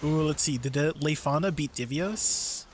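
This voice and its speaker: A man's voice: a little high, moderate pace, over music. A young man streaming a game in casual chat, laughing often between sentences. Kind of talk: casual chat while gaming.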